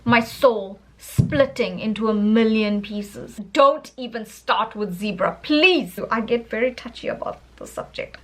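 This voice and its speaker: A woman from South Africa with a South African accent, an English teacher talking in a casual vlog, emphatic and opinionated. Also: fairly high pitch. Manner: animated, emphatic and opinionated, with frequent laughs.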